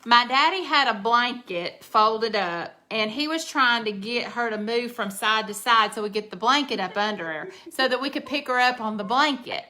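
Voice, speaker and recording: Lady in her 50s telling family stories, bright voice, a bit high. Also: normal speed, hardly any pauses. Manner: chatty, animated storyteller. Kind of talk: casual family storytelling.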